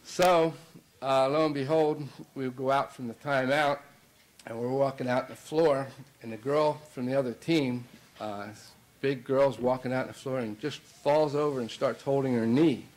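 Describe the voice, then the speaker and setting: In a rough recording, a middle-aged man who coaches basketball recounts a long anecdote at a banquet, restarting often and leaning on fillers. His medium-pitched voice holds a steady tone and moderate pace, with a slightly mellow quality.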